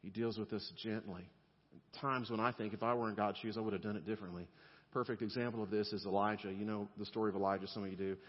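A male pastor preaching a sermon in a relaxed, conversational way, with humor and softer, gentle passages. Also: on the low side, fast. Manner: conversational and humorous, dropping to soft gentle tones. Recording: lo-fi sound with long hall reverb.

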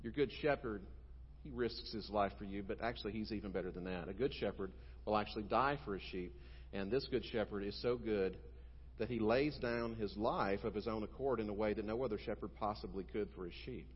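A male pastor preaching a sermon, telling stories emphatically and moving between loud and quiet. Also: lowish voice, fairly quick, breathy edge. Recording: dull sound with long hall reverb.

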